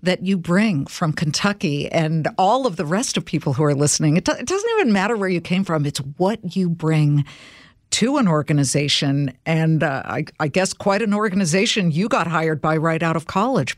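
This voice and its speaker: A woman from California hosting an interview podcast, asking questions in a lively, encouraging way and speaking directly to her listeners. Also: low voice, moderate pace, no echo, studio quality. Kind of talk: conversational interview.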